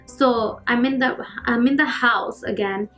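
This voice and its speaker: A YouTuber in her twenties tells a personal story while getting ready, chatty, full of fillers, and acting out the scenes. Her voice is on the high side and fairly bright, and she speaks a little slowly. Faint music plays in the background.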